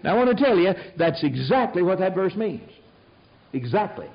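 Older man preaching, lively storytelling. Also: high voice, moderate pace. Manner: storytelling, animated and emphatic. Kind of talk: sermon. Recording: dull lo-fi sound.

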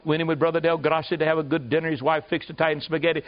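An American man preaching a revival sermon, telling stories and building to loud emphatic peaks before dropping low. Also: flat delivery, rapid-fire. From United States. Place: church service with a congregation. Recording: dull lo-fi recording.

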